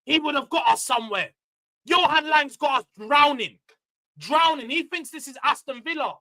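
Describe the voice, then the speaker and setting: A high, bright-toned man hosts a casual football live stream. He is loud and emotional, going off on a rant before bringing the tone back down. His delivery stays animated and conversational. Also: normal speed, poor audio. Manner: loud, emotional and animated, ranting then calming down. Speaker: livestream host.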